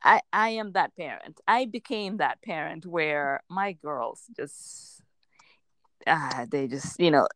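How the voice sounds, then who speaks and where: A woman in her forties telling parenting stories in a casual chat, expressive, acting out quotes and laughing often. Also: sits low, slow pace, no room sound, clean studio sound. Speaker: parent sharing experiences.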